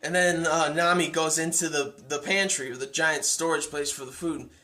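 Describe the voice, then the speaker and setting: A man's voice: on the high side, steady tone, moderate pace, bright, forceful tone. A young man casually recapping a comic chapter in a rambling, amused way, full of fillers and restarts. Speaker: manga review vlogger.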